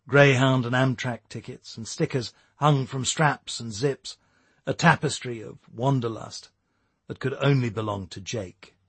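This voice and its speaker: A man giving steady, measured scripted narration of a novel. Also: medium pitch, gravelly, husky, dry recording. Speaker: audiobook narrator.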